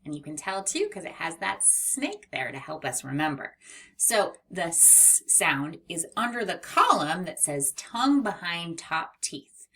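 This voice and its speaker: Woman phonics teacher, lively lilting delivery, carefully sounded-out letters. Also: fairly low pitch. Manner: slow, exaggerated sounding-out of letters. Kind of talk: children's phonics lesson.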